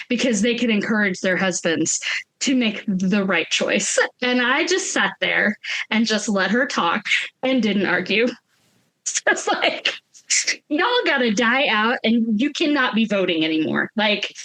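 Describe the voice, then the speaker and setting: A woman co-hosting a podcast, telling a story, animated and acting out the voices of the people she quotes. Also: medium pitch. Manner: animated, acts out quoted voices, laughs often. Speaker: podcast co-host. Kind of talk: casual storytelling chat.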